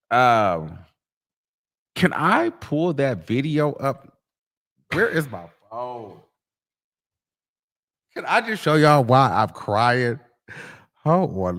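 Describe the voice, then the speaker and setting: Animated, laughing livestream host, a man. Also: mid-range voice. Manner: sassy, laughs often, calls people "girl". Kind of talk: casual livestream chat.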